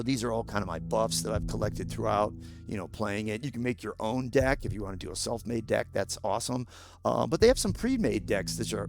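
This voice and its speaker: A man with a sore throat and a gravelly voice, walking through a video game casually and bluntly, explaining each step. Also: lowish voice. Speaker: gaming YouTuber. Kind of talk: casual gameplay walkthrough.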